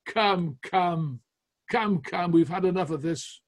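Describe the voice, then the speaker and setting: Guy doing a raging puritan general, slow booming scorn, kinda husky. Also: animated, full character voice. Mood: scornful. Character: furious puritan general dismissing parliament.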